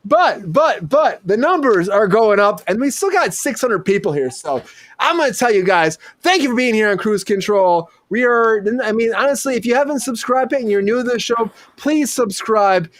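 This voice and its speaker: High-pitched male comedy show host, rambling and profane. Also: lively intonation, a bit bright. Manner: rambling, profane, riffing rapid-fire. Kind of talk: live comedy talk show.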